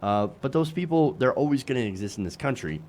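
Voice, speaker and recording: A man's voice: mid-range voice, lively intonation, fairly quick, a little mellow. A man hosting a political commentary show, sarcastic and self-correcting, with many fillers.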